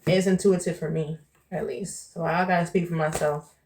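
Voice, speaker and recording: A woman's voice: on the low side, steady tone, moderate pace, darkish tone, slight background noise. A woman from New York, a vlogger and tarot reader, chatting casually to the camera in a candid way and calling the viewer "child" and "baby".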